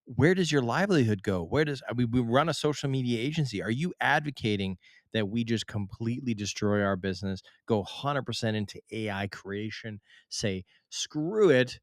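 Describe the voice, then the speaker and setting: A man's voice: mid-range voice, brisk, no echo. Podcast guy pushing back hard, lots of rhetorical questions, dry close sound. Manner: argumentative, fires off rhetorical questions. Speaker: podcast co-host. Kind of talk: casual debate chat.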